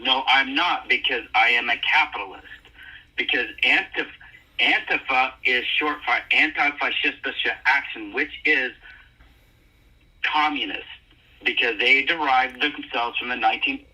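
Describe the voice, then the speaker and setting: A man's voice: medium pitch, measured pace, bright, forceful tone, husky, distant mic, poor audio. A man calling into a live stream, arguing insistently and repeating his points. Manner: insistent, argumentative. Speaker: caller. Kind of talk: heated live debate.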